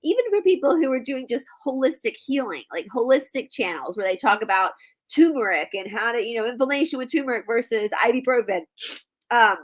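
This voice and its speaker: Brief: woman guest, high voice, stuffy congested nose, brash and animated. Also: fairly quick. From United States. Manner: animated, laughing and swearing freely. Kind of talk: casual chat.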